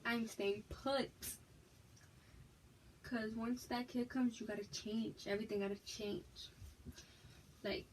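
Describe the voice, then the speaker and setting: A woman's voice: a little high, steady tone, takes it slowly, long pauses, a little hiss or hum, low-quality recording. A young woman from Massachusetts, frank and emphatic, telling her personal story to her viewers in a casual vlog. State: pregnant, expecting a child. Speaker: vlogger.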